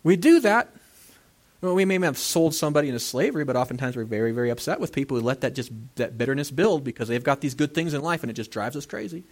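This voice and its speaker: Animated man preaching a sermon. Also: mid-range voice, quick pace. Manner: animated, acts out quoted voices. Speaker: pastor.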